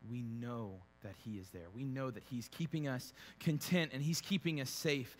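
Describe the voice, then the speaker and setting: A man preaching a sermon as a pastor, shifting from quiet conversational storytelling with fillers to loud, emphatic preaching. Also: medium pitch, moderate pace, hardly any pauses. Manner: conversational, with fillers and repeated words. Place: church sanctuary.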